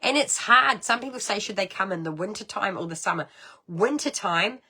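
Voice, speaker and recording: A middle-aged woman with a New Zealand accent hosting a casual card-making livestream, chatty and rambling, with sudden high exclamations. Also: expressive, moderate pace, pushed and bright, husky. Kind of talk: casual craft livestream chat.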